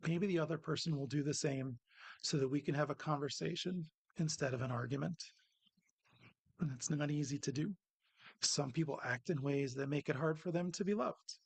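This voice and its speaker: Man, gravelly and husky, earnest personal reflection at a worship service, dry close sound. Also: fairly high pitch, dry recording. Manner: earnest, personal, self-deprecating. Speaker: lay speaker giving a reflection.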